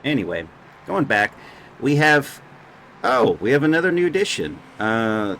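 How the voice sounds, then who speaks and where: A man's voice: mid-range voice, very animated, unhurried, a bit bright, slight background noise. A young man giving casual, joking live commentary on a sim race and stumbling over drivers' names.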